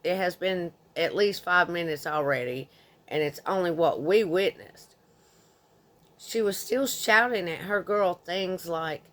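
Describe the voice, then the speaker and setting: A woman's voice: on the low side, lively intonation, a little slow. A woman in her thirties reading a forum story aloud in an indignant, conversational way. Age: 30s. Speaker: narrator.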